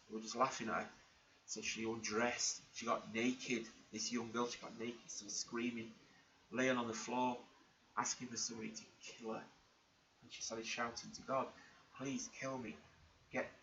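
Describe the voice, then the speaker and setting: In a muffled lo-fi recording with a faint hiss behind it, a man with a medium-pitched, sharp-toned voice vlogs. He tells an emotional personal story earnestly, rambling and restarting many times.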